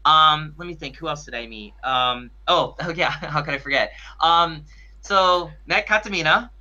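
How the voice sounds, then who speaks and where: A man's voice: on the high side, normal speed, bright, forceful tone, lo-fi sound. A man co-hosting a podcast, telling a story in casual chat with lots of restarts and fillers. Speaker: podcast co-host.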